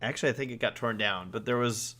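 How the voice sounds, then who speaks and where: A man's voice: mid-range voice, quick pace, pushed and bright. A man on a podcast telling a rambling anecdote in casual chat. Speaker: podcast host.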